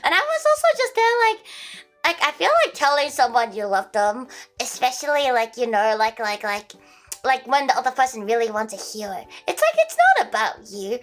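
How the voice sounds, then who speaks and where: A woman's voice: fairly high pitch, very animated, moderate pace, fairly bright tone, poor audio. A young woman livestreaming, chatting casually with viewers in a rambling, giggly way with plenty of swearing. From Australia.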